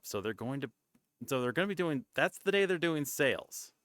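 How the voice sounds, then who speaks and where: A man streaming a casual chat, rambling and often cutting himself off mid-thought, sometimes dropping into soft, breathy asides. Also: a little high, lively intonation, moderate pace, no echo, studio quality. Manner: rambling, self-interrupting and chatty.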